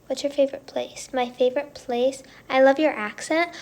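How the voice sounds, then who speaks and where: A bubbly woman with a high, bright voice chats casually with her livestream viewers. She is upbeat and chatty, and now and then her voice sinks to a soft whisper. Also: fairly even intonation, normal speed, few pauses. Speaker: singer hosting a livestream. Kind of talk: casual livestream chat reading viewer comments.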